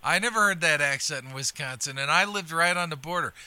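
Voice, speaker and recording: A man's voice: fairly high pitch, fast, sharp tone, smooth, no room sound. A man from Illinois hosting a comedy podcast, chatting casually and laughing often. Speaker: host.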